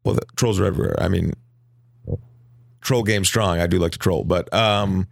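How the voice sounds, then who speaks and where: A man's voice: sits low, moderate pace, creaky, no echo. A young man co-hosting a podcast in a studio, chatting casually with crude jokes and mock voices. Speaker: podcast co-host. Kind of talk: casual chat. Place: studio with wood floors.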